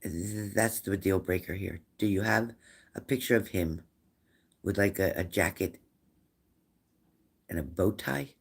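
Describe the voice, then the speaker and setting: A low-pitched man with a gravelly, fry-edged voice runs a live-stream spirit reading as a medium. He presses viewers with short questions and repeats them until someone answers. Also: unhurried, pauses often. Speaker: psychic medium.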